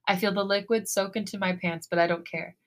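A woman co-hosting a podcast, reading a romantic fan fiction story aloud in a soft, intimate way. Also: medium pitch, fairly even intonation, fairly quick. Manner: soft, breathy romantic reading, then gushing and giggly.

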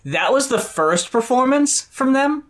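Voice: sits high, expressive, a little slow. A podcast co-host in casual chat, blunt and opinionated, swearing freely.

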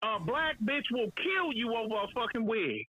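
A woman's voice: fairly high pitch, very animated, normal speed, a bit bright, no room sound, rough recording. A woman calling in to chat, blunt and emphatic, laughing as she makes her points. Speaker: caller. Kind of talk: casual chat.

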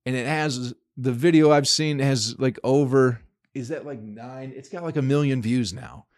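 A man's voice: fairly high pitch, darkish tone. A man hosting his own podcast, riffing alone in a crude, rambling, profane way. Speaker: podcast host. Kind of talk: casual solo podcast monologue.

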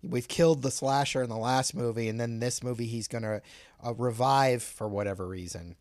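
Co-hosting a podcast, a man chats in a laid-back, somewhat profane way while recapping movie scenes at length. His voice is medium-pitched and a little mellow, at normal speed, recorded in studio quality with no echo.

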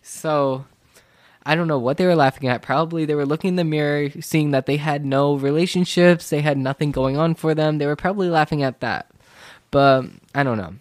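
A teenage male student telling a rambling, casual story, full of "like" and "literally," and growing animated when he feels wronged. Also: a little high, a little fast, no echo, studio quality.

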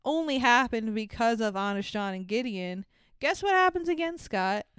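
A woman's voice: on the high side, expressive, moderate pace, fairly bright tone, clear, resonant tone, no echo. Laughing young woman recapping a film. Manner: laughs often, acts out characters' lines. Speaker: podcast co-host. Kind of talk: casual movie-recap chat.

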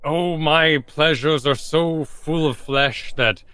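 A man's voice: a little high, slow pace, sharp tone, smooth, no room sound, pitched above the performer's own voice. A man voicing a pompous, aloof lizardfolk champion who speaks in grandiose formal phrases.

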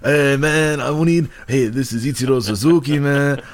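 A man doing a loud, joking impression of a famous ballplayer, drawling "man" as he goes. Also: medium pitch, normal speed, voice pushed up, natural voice. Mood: hammy.

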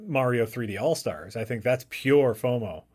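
A man co-hosting a casual podcast, talking in an animated way with lots of fillers. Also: medium pitch, normal speed. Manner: animated, laughs easily, many fillers. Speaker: podcast co-host. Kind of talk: casual chat.

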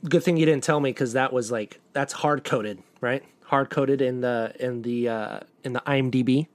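A man's voice: mid-range voice, steady tone, moderate pace. A man with a mid-range voice co-hosts a laid-back podcast, joking around and often stalling with uh and um. His voice is recorded close and dry, with no echo. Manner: joking, hesitant with fillers. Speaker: podcast co-host, entertainment news editor. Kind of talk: casual podcast chat.

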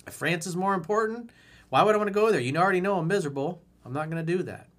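A man's voice: sits high, very fast. A man working as a dating coach, answering viewer emails in a blunt, emphatic way. He swears, and he acts out the exact lines a viewer should say. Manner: blunt, emphatic, profane and swaggering, acting out lines to say.

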